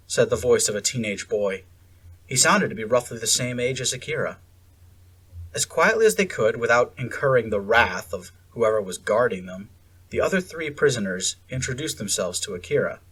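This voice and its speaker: A man narrating a story aloud in a steady, measured storytelling voice. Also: fairly low pitch, slightly rough, recorded from a distance, soft background music.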